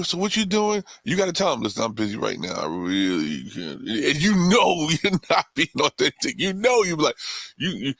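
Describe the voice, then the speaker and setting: Gravelly-voiced man in a dry room. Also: mid-range voice, fairly bright tone, no echo. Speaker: podcast co-host. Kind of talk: casual reflective chat.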